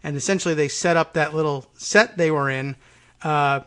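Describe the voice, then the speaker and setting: A man hosting a casual political talk show, agreeing often and retelling news with quick quoted asides. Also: a little high, a bit bright, clear, resonant tone. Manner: agreeable, chuckling, slips into quoted voices. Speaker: radio talk show host.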